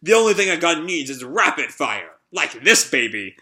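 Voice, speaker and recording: A man's voice: a little high, very animated, moderate pace, pushed and bright, heavily acted. A man voicing a boastful male gang boss with a Gatling gun, reading his taunting lines aloud.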